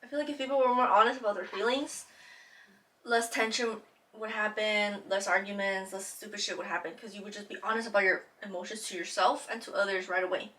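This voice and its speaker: Young woman being frank on a podcast, bright voice, a bit far from the mic. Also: mid-range voice, fairly even intonation, fairly quick. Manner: supportive, frank, lots of listening sounds. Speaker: podcast co-host. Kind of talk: casual chat.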